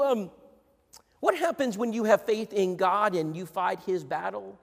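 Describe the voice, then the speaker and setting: A middle-aged man preaching a sermon, repeating himself, swinging between hushed asides and rousing emphatic bursts. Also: high voice, unhurried, vocal fry. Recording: long reverb in a large hall.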